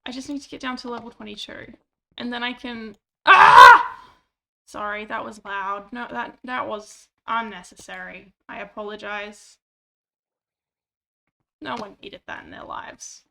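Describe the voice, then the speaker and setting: A woman's voice: mid-range voice, steady tone, normal speed, vocal fry, bright, forceful tone, a little hiss or hum. A woman streaming a game, chatting casually and mocking herself, swearing when annoyed. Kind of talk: casual gameplay chat.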